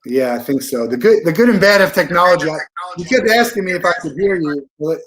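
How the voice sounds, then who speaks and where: A man's voice: high-pitched, animated, quick pace, a bit bright. Easygoing man hosting a video call. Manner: easygoing, laughs off the delay. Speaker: interview host. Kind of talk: casual remote interview.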